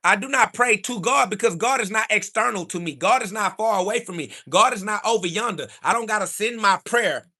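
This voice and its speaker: A man speaking hosts a livestream and answers chat in a combative, preachy monologue, insulting his critics over and over and now and then rising to a shout. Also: sits high, a little fast, few pauses. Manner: rises to shouting when heated.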